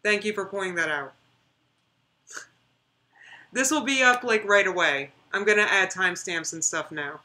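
A woman's voice: medium pitch, moderate pace, pauses often, sharp tone. A young woman chatting casually on her live stream, rambling and reading out viewer comments.

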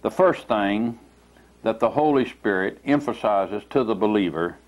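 A man preaching a teaching sermon in a meeting room, speaking slowly and deliberately and leaning hard on single words. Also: on the low side, animated.

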